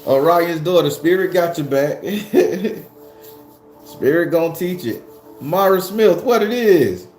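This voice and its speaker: A man hosting his tarot channel, chatting casually with viewers, animated and cussing, often laughing and shooting his voice up when worked up. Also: a little high, takes it slowly. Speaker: tarot reader and channel host. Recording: echoey room with faint background music.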